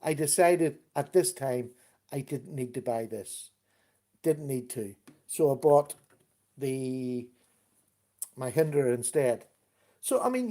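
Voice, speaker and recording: A man's voice: fairly high pitch, warm tone. Chatty man hosting a live stream. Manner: chatty, greets viewers by name, easygoing. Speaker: livestream host. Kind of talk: casual live chat with viewers.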